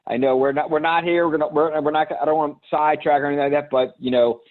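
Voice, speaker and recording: A man's voice: a little high, steady tone, quick pace. Man hosting over a tinny line. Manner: rambling, hesitant, many fillers. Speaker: host. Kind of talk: hosting a live video call.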